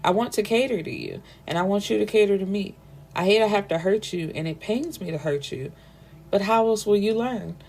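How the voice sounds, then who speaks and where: A woman's voice: mid-range voice, lively intonation, a little fast, darkish tone. A woman reading the lines of a controlling, possessive young man who gives blunt, slangy commands. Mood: cold.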